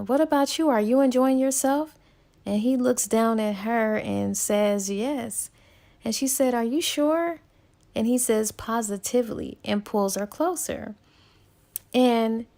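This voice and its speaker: A woman's voice: mid-range voice, gravelly. A woman reviewing a book, casually retelling its plot in a chatty, giggly way and quoting the characters as she goes. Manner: chatty, giggly, quotes characters in a lively storytelling tone.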